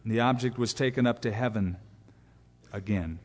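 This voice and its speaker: A man preaching a sermon, animated, acting out quotes with asides to the congregation. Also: on the low side, normal speed. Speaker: pastor. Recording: long reverb of a church hall.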